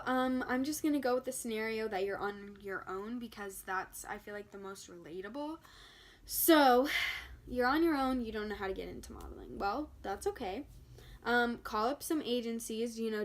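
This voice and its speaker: A young woman giving casual advice in a bubbly, chatty way, often saying "like" and "you know". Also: a little high. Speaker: vlogger giving modeling tips. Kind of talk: casual chat to camera.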